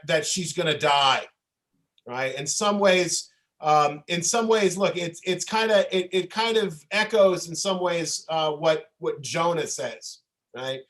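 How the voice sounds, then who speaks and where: A man's voice: sits high, fairly bright tone, low-quality recording. A man leading a Torah study lesson as rabbi on a video call, talking conversationally and often checking in with "okay?" and "right?". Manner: frequent restarts, winding explanation.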